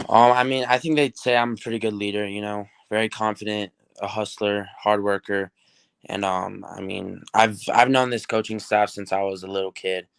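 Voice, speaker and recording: A teenage football recruit from New Mexico, answering interview questions in an upbeat, rambling way with many fillers. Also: male voice, lowish voice, steady tone, moderate pace, gravelly, clear, resonant tone, dry recording. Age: teens.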